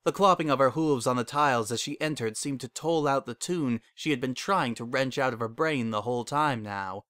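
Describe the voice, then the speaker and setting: A man narrates a fan fiction story with expressive, dramatic storytelling. His pitch sits mid-range for a man, and the recording is dry and close. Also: normal speed, no echo.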